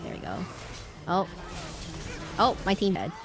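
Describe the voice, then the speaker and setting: A woman's voice: on the low side, sing-song, a little slow, music in the background. A woman streaming a video game, chatting casually in a rambling, self-correcting way. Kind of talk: casual gameplay chat.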